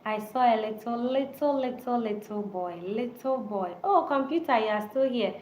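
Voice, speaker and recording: A woman's voice: on the high side, expressive, normal speed, darkish tone. A woman hosting a casual live-stream chat, speaking earnestly and restating short phrases over and over. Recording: echoey room with faint background noise.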